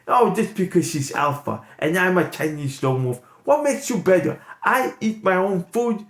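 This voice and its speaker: A man voicing a boastful, excitable lone-wolf character who is jealous of a rival and rants and brags. It is a comedy bit. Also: high voice, normal speed. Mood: indignant. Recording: echoey room, loud background noise.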